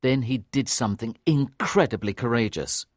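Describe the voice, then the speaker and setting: A man's voice: mid-range voice, moderate pace, no echo. Man narrating a storybook, dry close sound. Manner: clear, lively storytelling. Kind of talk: scripted audiobook narration.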